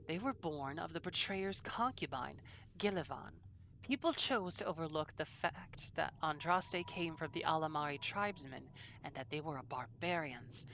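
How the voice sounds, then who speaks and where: A woman voicing a haughty male scholar in a deliberately bad put-on French accent, reading game text aloud slowly and stiffly. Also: low-pitched, a bit bright, a little hiss or hum, exaggerated voice, poor audio.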